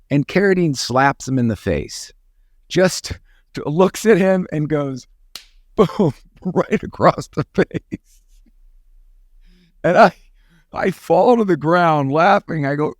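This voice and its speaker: Animated man spinning an anecdote. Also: slow, dry recording, studio quality. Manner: animated, builds stories with repeated phrases, rises high when quoting himself. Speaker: podcast co-host, actor. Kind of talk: casual storytelling chat.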